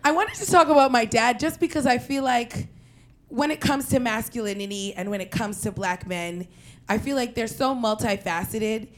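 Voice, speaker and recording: A young woman from Queens telling a personal story in an animated, profane way, breaking into loud shouted quotes. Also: a little high, moderate pace. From Queens, New York.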